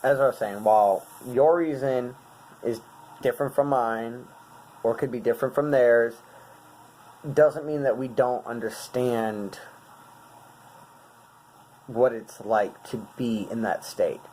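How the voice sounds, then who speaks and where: A man in his twenties, talking earnestly and haltingly as a vlogger, searching for his words. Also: mid-range voice, a little mellow, slight background noise, low-quality recording. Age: 20s. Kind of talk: casual talk explaining song lyrics.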